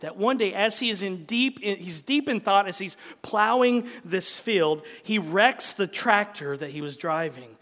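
A man preaching in a church hall, retelling and reading a story with dramatic delivery that drops from loud lines to hushed whispers. His voice sits high, and a long hall reverb trails behind it.

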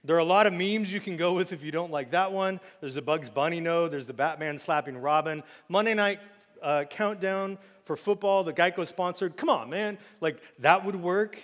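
Guy preaching, kinda high voice, joky and lively, big echo hall sound. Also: moderate pace. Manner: animated, jokey preaching with loud acted outbursts. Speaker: pastor. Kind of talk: sermon. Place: church sanctuary.

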